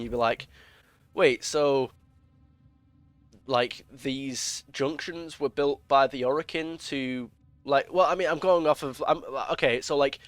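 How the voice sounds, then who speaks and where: Speaking at medium pitch with no echo around him, a man offers loose, opinionated commentary on a game. As a gaming video creator, he goes on at length, restarting sentences and leaning on fillers.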